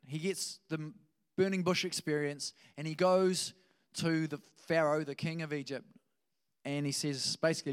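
A man's voice: fairly high pitch, steady tone, unhurried, clear, resonant tone. A male pastor giving a conversational sermon, telling stories with frequent restarts.

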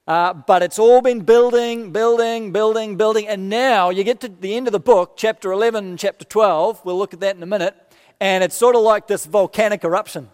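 Man preaching, high voice, conversational then impassioned, long hall reverb. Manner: conversational, builds to impassioned emphasis. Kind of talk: sermon with scripture reading.

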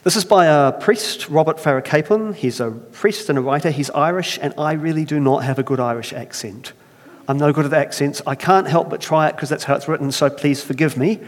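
A male pastor giving a sermon, conversational and self-deprecating, slowing down to tell a once-upon-a-time story. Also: fairly high pitch, in a large hall.

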